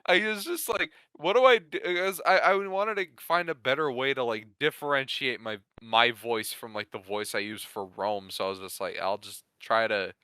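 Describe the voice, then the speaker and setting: A man chatting casually as a podcast guest, halting and often restarting his sentences. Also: medium pitch, bright, forceful tone, clean tone, no echo, clean studio sound. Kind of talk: casual chat.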